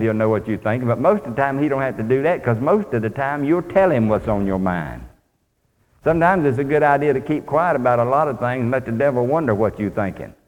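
A man's voice: mid-range voice, a little mellow. A man preaching a sermon in a folksy, plainspoken way, reading scripture aloud. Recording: long hall reverb.

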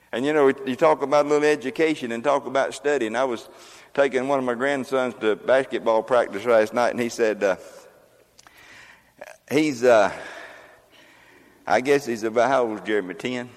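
Older guy preaching, folksy and jokey, big echoey church sound. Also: mid-range voice. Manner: folksy, joking, conversational preaching. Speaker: pastor. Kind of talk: sermon. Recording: long reverb of a large hall.

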